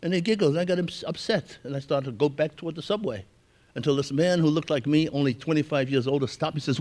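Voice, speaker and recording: A man's voice: on the high side, fast, darkish tone. An older man from Brooklyn giving a keynote speech, telling folksy, anecdotal stories and chuckling along with the audience. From Brooklyn, New York. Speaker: keynote speaker. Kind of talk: storytelling speech.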